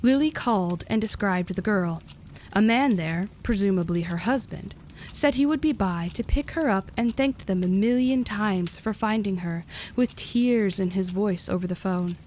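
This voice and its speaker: A woman narrating a gentle storybook tale in a calm, even reading. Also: medium pitch, normal speed, slight background noise.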